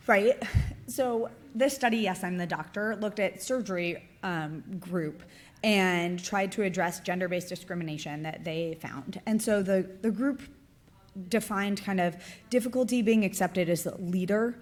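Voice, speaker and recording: A woman presenting at a conference, her voice sitting a little low for a woman. She talks through her slides in a loose, conversational way, tossing in "right?" and "like" as she goes. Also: moderate pace. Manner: conversational, frequent "right?" and "like" fillers. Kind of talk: academic conference talk.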